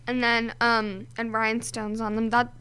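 A woman's voice: a little high, little pitch movement, normal speed, bright, forceful tone, clean tone. A teenage girl co-hosting a kids' radio show, chatting casually and giggling often. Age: teens. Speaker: co-host.

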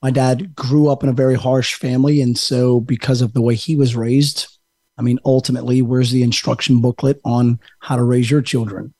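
A man's voice: medium pitch, flat delivery, normal speed, warm tone, dry recording. A man from the United States, a podcast guest, speaking earnestly and reflectively about his life. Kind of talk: casual interview.

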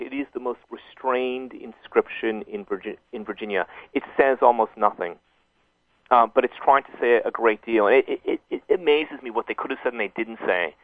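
A man's voice: medium pitch, no echo. Thoughtful man on a phone line. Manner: thoughtful, halting, many restarts. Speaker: guest author. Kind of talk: radio interview.

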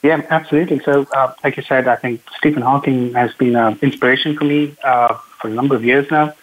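A man calling in as a panel guest, speaking earnestly and haltingly with many fillers, over a tinny phone line. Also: medium pitch, fairly even intonation. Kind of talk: casual remote discussion.

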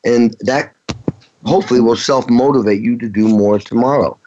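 Brief: middle-aged male drummer guest, rambling anecdotal delivery, mid pitch, dull lo-fi audio. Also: normal speed, dark tone. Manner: rambling, anecdotal, frequent restarts. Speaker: touring rock drummer, guest. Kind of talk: casual interview storytelling. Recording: dull lo-fi sound.

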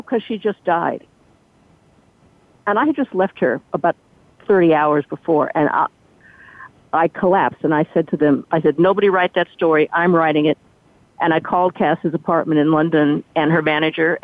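A woman's voice: deep voice, a little fast, no room sound. Older woman telling stories over a tinny phone line. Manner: animated storyteller who acts out quoted speech. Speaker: guest, former entertainment reporter. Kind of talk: storytelling interview.

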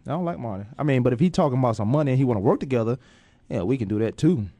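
A man's voice: medium pitch, expressive, racing, dark tone, no echo. A man hosting a casual sports talk radio show, playful and loose with slangy banter.

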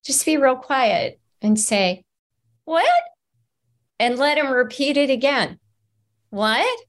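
A woman's voice: high voice, unhurried. Earnest middle-aged woman on a video call. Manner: earnest and animated, acts out examples. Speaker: author and interview guest. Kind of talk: conversational interview.

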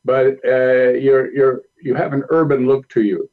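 A man, a film director, telling stories in a calm, measured way as a guest on a talk show. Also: medium pitch, narrow, tinny audio. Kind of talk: interview storytelling.

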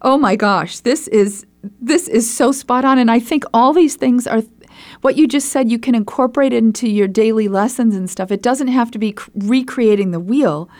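A woman hosting a podcast interview, enthusiastic and effusive, agreeing warmly with her guest and thanking sponsors. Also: a little high, normal speed. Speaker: podcast host.

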